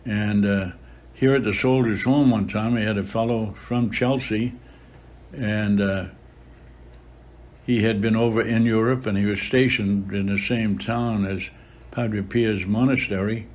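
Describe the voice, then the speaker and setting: A priest of about 100 from the Boston area reminisces as an interview guest. His male voice is low, fairly even in intonation, and a little mellow, and he tells his stories unhurriedly with frequent filler pauses.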